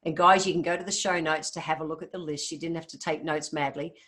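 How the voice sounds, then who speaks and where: A woman's voice: deep voice, fairly even intonation, fast, a bit bright. Chatty Australian woman podcast host. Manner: chatty, upbeat, addresses listeners as guys. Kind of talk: casual solo podcast talk.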